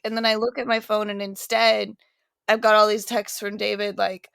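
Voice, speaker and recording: A woman's voice: medium pitch, flat delivery, normal speed, vocal fry, fairly bright tone, dry recording, studio quality. A woman hosting a podcast in casual chat, talking loosely, laughing often and swearing freely. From California. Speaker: podcast host.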